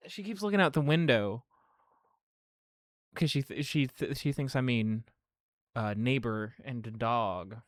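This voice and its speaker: A woman streamer chatting casually, rambling with halting restarts at a desk microphone. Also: very deep voice, no room sound.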